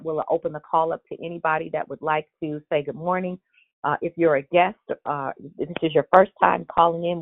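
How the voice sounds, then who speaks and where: A woman's voice: low-pitched, no echo. A woman hosting a church prayer call over the phone, speaking in an encouraging, preacherly way. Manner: warm, encouraging, sermon-like cadence. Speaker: host of a prayer call line. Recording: tinny phone line.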